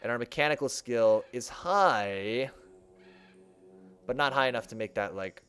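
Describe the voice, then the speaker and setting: Speaking at a measured pace, a young man with a medium-pitched, slightly bright, smooth voice narrates a let's-play at his desk mic. As a game streamer, he is chatty, thinks aloud, and jokes about his own decisions.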